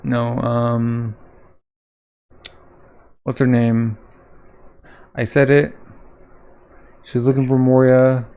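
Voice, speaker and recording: A man hosting a comic reaction video, reading aloud and commenting casually, often pausing with ums as he searches for names. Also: mid-range voice, flat delivery, dark tone, clean tone. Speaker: manga reaction host.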